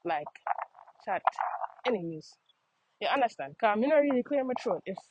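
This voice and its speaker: A young woman from the United States vlogs on an outdoor walk, chatting to viewers in a Jamaican patois accent and repeating phrases often. Her mid-range voice swings widely in pitch at normal speed, and the slightly dull lo-fi recording is very noisy.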